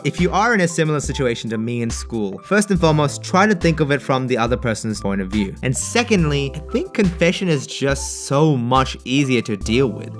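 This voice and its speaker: Animated jokey male storyteller. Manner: animated, jokey, swings from high excited yelps to low earnest advice. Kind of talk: comedic storytelling narration.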